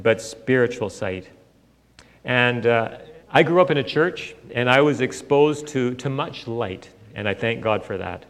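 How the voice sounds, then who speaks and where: A man preaching a sermon in a conversational, storytelling way, with frequent fillers. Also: mid-range voice. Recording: long hall reverb.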